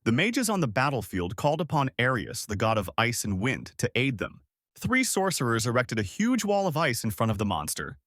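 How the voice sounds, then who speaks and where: A man narrating a scripted story recap in a steady storytelling manner, reading the quoted lines without doing voices. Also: mid-range voice, brisk, no room sound, clean studio sound.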